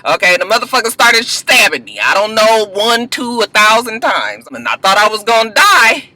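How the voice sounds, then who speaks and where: A man's voice: high-pitched, sing-song, moderate pace, bright, forceful tone, no echo, heavily acted, poor audio. A man voicing a flamboyant, vulgar male drug lord as he retells a TV scene. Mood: sly. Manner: theatrical, vulgar.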